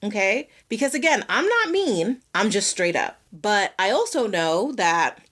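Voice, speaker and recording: A woman's voice: mid-range voice, very animated, unhurried, a bit bright. A young woman, hosting a solo podcast and telling candid stories, swearing freely. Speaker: podcast host.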